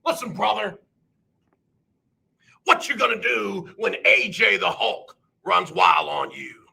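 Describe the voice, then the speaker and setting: A man doing a shouted impression of a boastful, macho male pro wrestler, leaning away from the mic. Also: high-pitched, slow, vocal fry, slightly rough, exaggerated voice.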